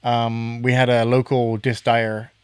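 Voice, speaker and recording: A man's voice: mid-range voice, little pitch movement, unhurried, clean tone, no room sound. A man hosting a podcast in a casual chat, rambling a little and correcting himself as he goes. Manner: chatty, self-correcting, rambling. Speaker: podcast host.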